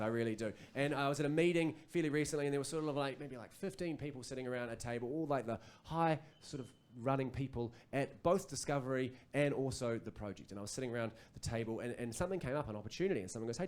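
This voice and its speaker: A man in his thirties with a New Zealand accent, performing a stand-up comedy set on a club stage and rambling through an anecdote full of animated asides. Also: medium pitch, quick pace, hardly any pauses.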